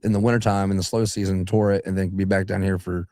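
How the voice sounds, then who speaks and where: A young adult singer from southeastern Alabama chats as a radio guest, his voice sitting a bit low. He rambles, backs up and restarts his sentences, and sometimes breaks into put-on voices. The studio mic is dry and close, with no room sound. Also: flat delivery, fast, darkish tone, dry recording. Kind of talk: casual radio interview chat.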